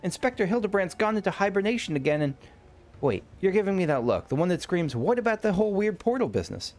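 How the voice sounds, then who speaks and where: A man's voice: high voice, big pitch swings, quick pace, darkish tone, pitched above the performer's own voice. A man reading game dialogue aloud as a cheerful young woman assisting a detective, chatty and upbeat.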